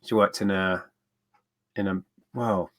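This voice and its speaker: A man's voice: low voice, fairly even intonation, slow pace, fairly bright tone. A man co-hosting a casual live stream, rambling and reading viewer comments aloud. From southern England. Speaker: co-host of a reseller live stream.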